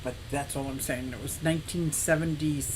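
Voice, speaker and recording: A woman in her sixties with a deep voice talks fairly quickly over background noise while hosting a casual livestream for her aquarium and fish shop. Chatty and animated, she greets viewers by name, reads comments and tells rambling stories, laughing often.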